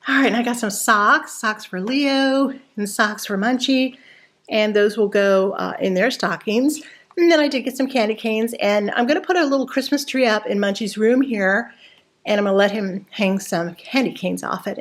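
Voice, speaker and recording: A woman's voice: medium pitch, normal speed. A woman in her sixties hosting a casual grocery haul vlog, chatty and homey, rambling with fillers and a little out of breath. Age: 60s. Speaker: vlog host.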